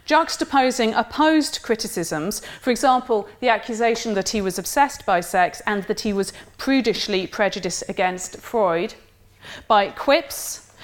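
A woman giving a literature lecture in a measured, wry way, reading quoted passages aloud. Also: a little high.

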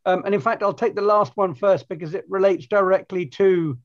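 A man moderating audience questions in a chatty, slightly rushed way. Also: sits high. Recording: dull lo-fi audio.

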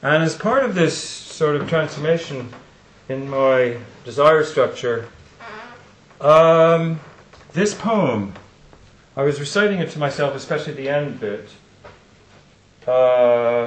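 Older man, conference closing address, reflective tone, mid-pitched voice, echoey room. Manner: reflective, recites poetry with slow emphasis. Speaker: honoree giving closing remarks. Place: lecture room. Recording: roomy hall echo.

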